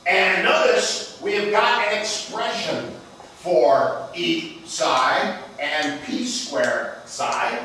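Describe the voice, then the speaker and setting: Man, lecturing physics, slow and theatrical, distant room mic, faint background noise. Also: a little high, bright, forceful tone, heavy reverb. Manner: playful, theatrical, asks the class questions. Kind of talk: classroom lecture. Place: lecture hall.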